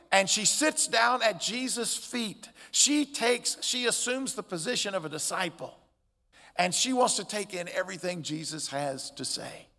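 A man preaching a sermon as pastor, expressive, with loud emphatic peaks and quiet drops. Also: sits high. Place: church sanctuary. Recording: long church hall reverb.

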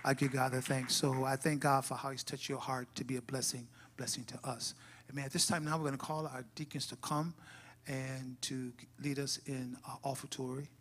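A man's voice: medium pitch, level tone, brisk, a bit bright, a little hiss or hum. A man who is pastor, giving church announcements and then leading a fervent, rising prayer in a church. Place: church sanctuary.

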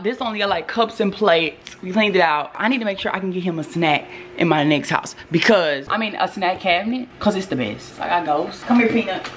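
Young woman, casual phone vlog, jokey, clear background noise. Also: medium pitch. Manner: chatty, joking, addresses viewers as y'all. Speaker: vlogger. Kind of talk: casual vlog chat to camera. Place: home and car.

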